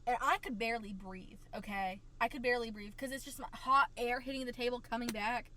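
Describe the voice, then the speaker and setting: A woman with a fairly high voice hosts her own podcast and tells stories in a casual, animated way. She repeats her points for emphasis and speaks into a desk microphone at home. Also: brisk. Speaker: podcast host. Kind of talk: casual storytelling.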